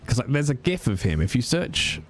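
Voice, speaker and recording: A man's voice: mid-range voice, very animated, brisk, slight background noise. A man streaming, chatting casually in a rambling way and swearing freely. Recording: music playing behind.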